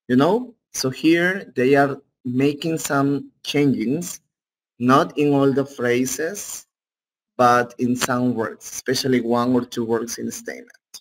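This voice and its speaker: Male English teacher, Peruvian Spanish accent, slow and steady lecture pace, mid-pitched, keeps checking in with students. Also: low-quality recording. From Peru. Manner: unhurried, checks in with "okay?". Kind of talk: online class lecture.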